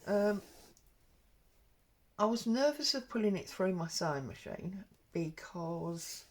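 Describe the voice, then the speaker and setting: A woman's voice: medium pitch, expressive, slow pace, darkish tone. A woman talking casually and rambling as she works on an embroidery project, with plenty of ums. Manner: rambling and chatty, with frequent ums. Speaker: craft vlogger. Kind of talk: casual stitch-along chat.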